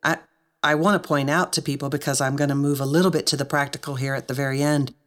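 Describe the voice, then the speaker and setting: A woman's voice: low-pitched, steady tone, fast. A woman hosting a podcast, speaking earnestly to her guest and listeners, choked up with emotion. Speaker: podcast host. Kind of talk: heartfelt interview chat.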